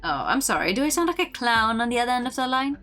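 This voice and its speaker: A woman's voice: on the high side, big pitch swings, fast talker, pushed and bright, faint music behind, voice pushed up. Exasperated male coordinator, done with it all, put on by a woman; dry and sarcastic. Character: frazzled male guest coordinator quitting by phone. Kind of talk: reading game dialogue aloud.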